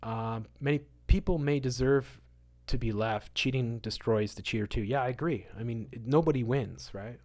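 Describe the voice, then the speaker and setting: A man hosting a livestream, answering chat in a casual rant, moralizing and repeating words for emphasis, at times loud, at times muttering. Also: medium pitch, steady tone, moderate pace, hardly any pauses, dry recording. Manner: swings between loud outbursts and muttered asides.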